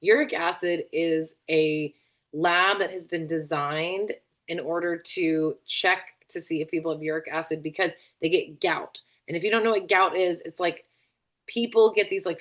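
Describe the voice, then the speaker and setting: Woman teacher, lowish voice, chatty and tired, explains things casually. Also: a bit bright. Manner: chatty, lots of fillers and asides. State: tired, yawning. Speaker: functional medicine practitioner.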